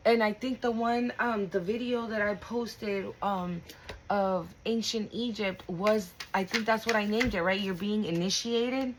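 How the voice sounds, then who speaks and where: Slow, emotional woman reading tarot. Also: medium pitch, steady tone, noisy background. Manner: emotional, on the verge of tears. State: breathing hard. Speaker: tarot reader. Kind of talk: intuitive tarot reading to viewers.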